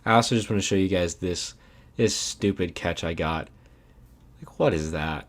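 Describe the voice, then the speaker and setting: A young man giving casual, animated commentary over his own video game footage, ranting and saying "man" often. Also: deep voice, normal speed. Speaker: gaming YouTuber.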